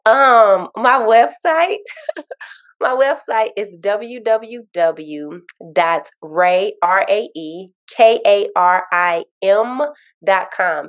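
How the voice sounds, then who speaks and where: A woman grief coach talking in an interview, earnest and animated, telling stories and repeating affirmations. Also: mid-range voice. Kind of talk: interview conversation.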